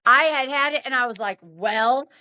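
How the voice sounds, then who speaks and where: Bright-voiced woman in her fifties. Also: sits high, moderate pace. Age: 50s. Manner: animated, acts out quoted dialogue. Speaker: podcast host. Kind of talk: casual storytelling chat.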